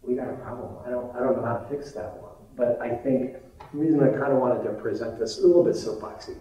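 A middle-aged man lectures doctors in a loose, candid way, with plenty of ums and asides. His voice is mellow and a bit dark. It comes from some distance off and rings around a large echoey hall. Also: mid-range voice, fast talker, muffled recording. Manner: conversational, candid, self-deprecating, with fillers. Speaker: physician lecturing on vaccines. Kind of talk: informal medical grand rounds lecture. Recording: echoey hall, mic far off.

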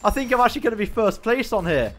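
A man giving excitable, self-mocking running commentary on his own gameplay as a gaming YouTuber. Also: very high-pitched, quick pace.

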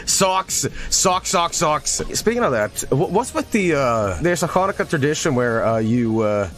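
A male game streamer riffs and jokes at high energy, his voice jumping sharply between high yelps and low mutters. He swears often and stays excitable and playful. Faint music runs under him. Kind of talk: casual live-stream commentary.

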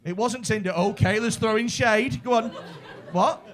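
A stand-up comedian with a Liverpool accent doing crowd work, brash, sweary and teasing. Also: male voice, high-pitched, moderate pace. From Liverpool, England.

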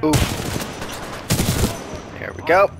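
A man commentating his own gameplay, swearing at enemies and mocking himself. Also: extremely slow. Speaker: gaming video host. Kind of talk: let's play commentary. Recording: commentary over loud gunfire.

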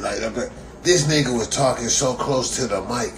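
A man's voice: medium pitch, normal speed, fairly bright tone, a little hiss or hum. A man delivering a profane, mocking comedic rant, repeating himself for laughs. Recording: echoey room.

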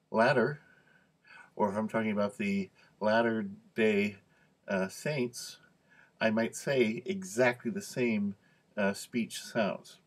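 Lower-voiced man teaching speech sounds. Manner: relaxed, repeats sounds to demonstrate, many fillers. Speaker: cued speech instructor. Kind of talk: casual teaching explanation.

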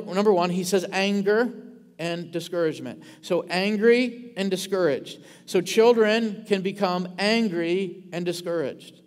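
A male pastor preaching a sermon in a church, animated and quick, stumbling over words and asking the congregation questions. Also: high-pitched, big-room sound. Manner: animated preaching with many restarts and audience questions. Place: church sanctuary. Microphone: ringing handheld or stage mic.

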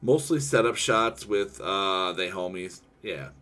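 Young man, gaming streamer, casual chat, heated swearing rant, lowish voice. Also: lively intonation, takes it slowly, sharp tone. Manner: profane, ranting and heated.

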